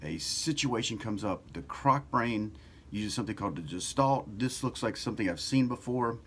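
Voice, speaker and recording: A middle-aged man with a fairly low voice talks through a self-help lesson in a loose, chatty way. He swears casually and acts out people's inner voices. A faint ambient hum sits behind him. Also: lively intonation, moderate pace, a bit bright. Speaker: self-help author and video host. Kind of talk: casual motivational talk to camera.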